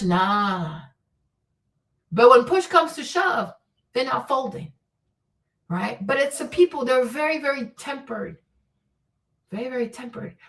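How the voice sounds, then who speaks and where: A woman hosting a livestream, giving blunt, profane, animated commentary on relationships. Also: a little high, distant mic, poor audio. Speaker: livestream host.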